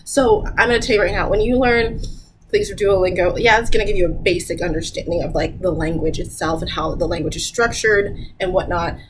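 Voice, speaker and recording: A woman's voice: a little fast, rough recording. Chatty woman giving travel tips, laughs a lot, voice jumps up when she imitates people, faint hiss behind. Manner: chatty, laughs often, repeats "I'm gonna tell you right now"; lively, jumps up in pitch when mimicking people. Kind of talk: casual talk to camera giving travel advice.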